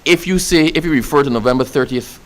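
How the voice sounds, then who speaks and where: An official from Barbados, speaking with a Barbadian accent, talks about national celebrations in answer to an interviewer. His mid-range voice is fairly bright and quick, and he speaks with passion and emphasis, repeating phrases for effect.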